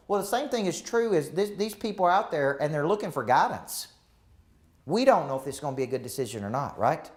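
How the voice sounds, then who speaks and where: A man coaching a group of real estate agents live, acting out quoted dialogue as he talks. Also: mid-range voice. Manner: animated, acts out quoted dialogue. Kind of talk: live coaching session talk.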